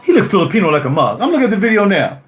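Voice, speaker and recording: A man's voice: sits high, very animated, very fast. A man in his fifties ranting on a live stream. He sounds indignant, repeats himself and fires off rhetorical questions. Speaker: YouTuber. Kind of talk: heated live-stream rant. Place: home music studio.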